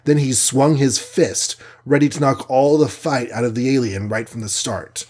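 A man narrating a children's adventure audiobook in a steady, measured reading voice. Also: mid-range voice. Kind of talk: scripted storybook narration.

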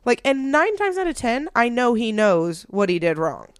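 A woman co-hosting a casual chat podcast, telling parenting stories in an animated way and laughing often. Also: on the high side, normal speed, clear, resonant tone, no room sound, clean studio sound.

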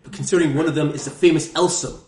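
A dungeon master puts on a British accent to play a haughty scholar reading aloud from a fantasy guidebook, mock-grand and theatrical in a grandiose mood. His voice is fairly high, steady, rapid-fire and somewhat dark, close to how he normally talks. It was recorded in an echoey room on a single USB mic set in the middle of the table.

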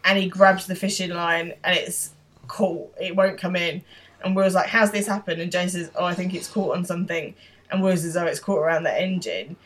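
A woman co-hosting a podcast, giving a casual, animated recap of a TV episode and laughing often. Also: on the low side, normal speed. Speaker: podcast co-host.

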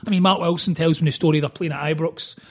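A man, an author guest on a podcast, telling stories in a fast, animated way. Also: on the high side, slightly rough. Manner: fast, animated storytelling with quoted voices. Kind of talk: casual podcast chat.

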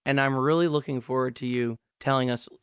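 A man hosting a history podcast, speaking in an earnest, measured way with frequent fillers. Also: medium pitch, steady tone, fairly bright tone, smooth, no room sound, clean studio sound. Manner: earnest, measured, many "you know" fillers. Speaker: podcast host. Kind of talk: podcast hosting, scripted intro then chat. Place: New York City.

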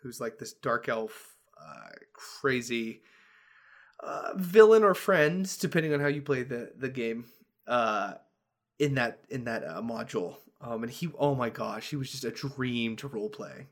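A man's voice: medium pitch, expressive, unhurried. A man hosting a casual tabletop-gaming podcast, talking with enthusiasm and laughing often as he chats with his co-hosts. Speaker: podcast host and dungeon master.

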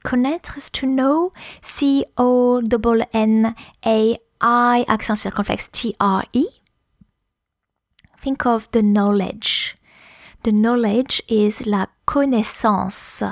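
Soft-voiced lady teaching vocab, goes real slow, spells stuff out, dry sound. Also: on the high side, fairly even intonation, no echo. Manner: slow, careful, spells words letter by letter. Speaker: French teacher. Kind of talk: language lesson.

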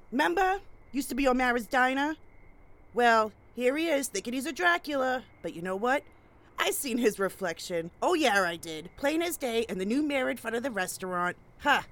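A woman's voice: high voice, a bit bright. A woman playing a crude gossipy old neighbor. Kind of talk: comedy sketch acting.

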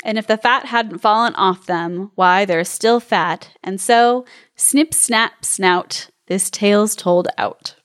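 A woman's voice: mid-range voice, takes it slowly. A woman co-hosting a podcast, reading a fairy tale aloud and breaking off with playful, laughing comments. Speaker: podcast co-host.

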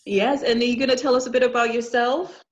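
Fast-talking and steady in tone, this podcast host has a fairly high voice. She keeps things chatty and friendly, speaking straight to her listeners, on a dull, lo-fi recording.

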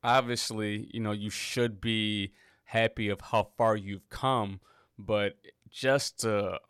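Man, low voice, smooth and resonant, casual joking fight preview, dry close sound. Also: fairly bright tone, no echo. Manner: loose, joking, rambling with self-corrections. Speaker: MMA podcast host.

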